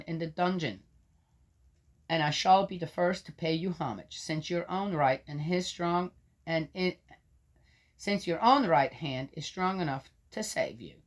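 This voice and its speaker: Woman, low-ish voice, scripture reader who argues with the text, loud readings, muttered asides. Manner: interrupts herself with doubting, argumentative remarks. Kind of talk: reading aloud with skeptical asides.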